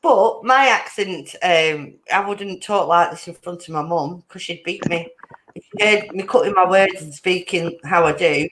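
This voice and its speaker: A woman's voice: lowish voice, normal speed, a bit bright. A woman from Ireland hosting a casual chat podcast, talking freely, swearing and laughing often. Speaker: podcast host. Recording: roomy echo.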